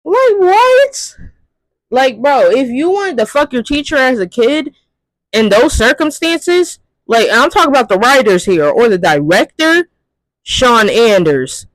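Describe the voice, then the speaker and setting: A man's voice: extremely high pitch, very animated, a little slow, fairly bright tone, no room sound, rough recording. A man ranting in a profane, exasperated movie commentary, firing off rhetorical questions. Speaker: commentary youtuber.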